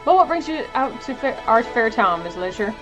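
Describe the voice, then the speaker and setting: A woman's voice: fairly high pitch, very animated, normal speed, dull audio, over music. A woman voicing a folksy, overly courteous frontier town greeter who speaks with genteel, flowery politeness.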